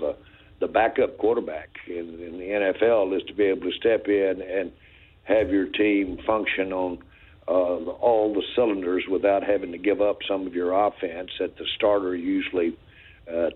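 A team owner, a man, talks on a radio interview in a very deep voice, slow and full of fillers. He comes through a thin, tinny phone line. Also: steady tone, slightly rough. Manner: slow, halting, heavy with fillers.

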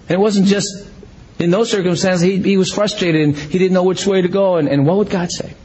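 Animated husky-voiced man preaching a sermon. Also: sits high, fast, poor audio. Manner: conversational, animated, self-deprecating humor, frequent restarts. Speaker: pastor.

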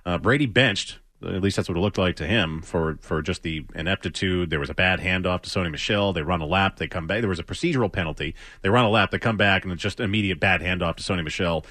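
A man hosting sports talk radio, chatting in a lively, wry way and quick to joke. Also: low-pitched, dry recording, studio quality. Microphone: studio microphone.

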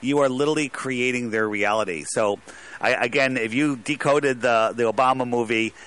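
Male caller, emphatic and rambling, tense bright timbre. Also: medium pitch, moderate pace. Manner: rambling, emphatic, restarts a lot. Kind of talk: casual talk radio call.

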